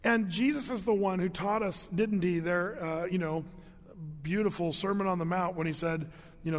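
A man's voice: sits high, normal speed, big-room sound. A middle-aged man preaching a conversational sermon as pastor, with joking asides and repeated words.

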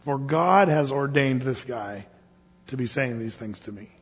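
A preacher playing a soft-spoken, humbled king. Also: mid-range voice, animated, unhurried, slightly rough, long reverb tail, muffled recording, voice pushed down. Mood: calm, restraining. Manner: soft, restrained. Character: calm, humbled king speaking softly.

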